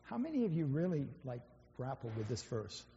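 A man's voice: medium pitch, big pitch swings, a little fast, mellow, slight background noise. A man giving an informal sermon, speaking conversationally with many fillers and restarts. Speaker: church speaker. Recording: dull, echoey church hall.

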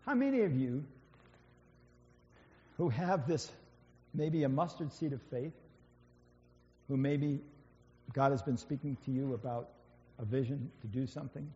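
A man's voice: mid-range voice, lively intonation, a little slow, pauses often, warm tone. A man giving an informal sermon, speaking conversationally with many fillers and restarts. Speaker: church speaker. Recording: dull, echoey church hall.

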